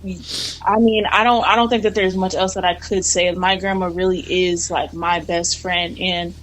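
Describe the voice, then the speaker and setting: A woman's voice: lowish voice, flat delivery, moderate pace, a bit bright, rough recording. A young woman, a guest on a talk show, speaking thoughtfully about her grandmother. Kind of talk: personal story.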